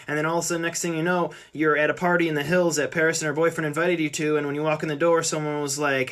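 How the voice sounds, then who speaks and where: A man rapidly recounting a party story in second person, acting out what people said along the way. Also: fairly high pitch, level tone, fairly bright tone. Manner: breathless run-on recounting, acts out quoted people. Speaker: storyteller in a social video.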